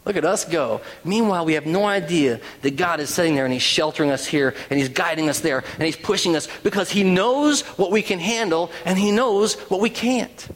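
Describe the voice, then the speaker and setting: A man preaching a sermon as a pastor, animated, acting out people's panicked words in quotes. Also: sits high, a little fast, hardly any pauses. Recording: long reverb in a hall.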